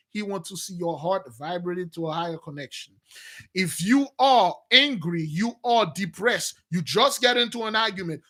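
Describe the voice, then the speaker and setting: A man delivering an animated preaching monologue, swinging between loud outbursts and low mutters. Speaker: spiritual teacher.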